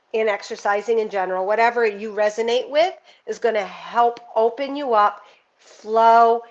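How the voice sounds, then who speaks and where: A woman's voice: on the high side, highs cut off. A woman giving a casual, earnest spiritual card reading, talking straight to one viewer in an intuitive way.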